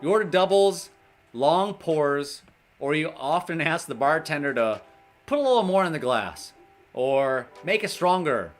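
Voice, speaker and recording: A man hosting a casual livestream, reading a list aloud, laughing often and chatting with viewers. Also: mid-range voice. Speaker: livestream host in recovery.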